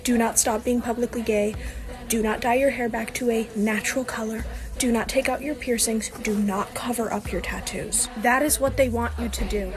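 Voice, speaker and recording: Defiant woman, emphatic commands, slightly high voice, music behind. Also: steady tone, normal speed, poor audio. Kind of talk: vlog rant.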